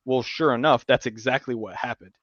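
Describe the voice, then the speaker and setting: A man hosting a podcast, telling stories in casual chat, animated and profane, acting out what people said. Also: medium pitch, brisk, dry recording, lo-fi sound. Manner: animated storyteller, swears a lot, acts out quotes. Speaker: podcast host.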